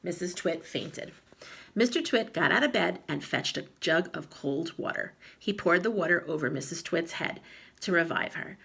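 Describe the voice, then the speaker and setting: Woman storybook reader, husky and gravelly, animated. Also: low voice. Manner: lively, slightly gravelly, with small slips. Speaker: reader of a children's book. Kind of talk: reading aloud a storybook.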